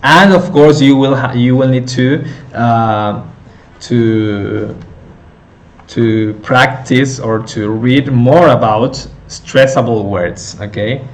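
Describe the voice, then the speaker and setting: A male teacher slowly explaining a lesson step by step, with many fillers and self-corrections. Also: medium pitch, fairly even intonation, a little hiss or hum. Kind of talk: recorded lecture on intonation.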